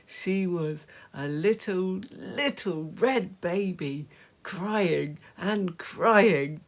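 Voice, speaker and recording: Woman, storybook reading, lowish voice, gentle whispered asides, husky tone. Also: lively intonation, extremely slow. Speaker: storybook reader. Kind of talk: reading a children's story aloud.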